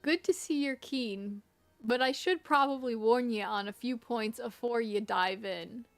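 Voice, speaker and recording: A rough-talking male rogue guild recruiter from a fantasy game, read aloud by a woman. The lines come slowly and gravelly, pitched a little high. Faint game music plays underneath. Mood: gruff. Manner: reading game dialogue aloud in a rough, slangy tone.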